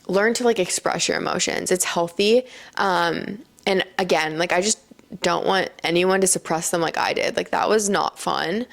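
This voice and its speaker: A young woman speaks straight to her audience in a chatty, earnest vlog, her fairly low voice often dropping into a gravelly fry. She strings her thoughts together loosely, leaning on filler words as she reflects. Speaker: lifestyle vlogger. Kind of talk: casual reflective talk to camera.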